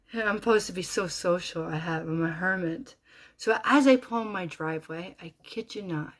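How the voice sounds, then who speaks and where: A middle-aged woman tells a personal story in a loose, rambling monologue. She is animated and swears freely, breaking off into asides. Her voice sits at a middle pitch.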